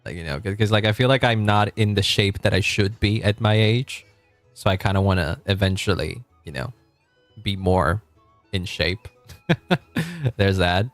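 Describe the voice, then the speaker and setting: A man's voice: low-pitched, steady tone, normal speed, dry recording, soft background music. Chatty, laughing man in his late twenties. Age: 20s. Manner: chatty, rambling, laughs often. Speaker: streamer. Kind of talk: casual live-stream chat while gaming.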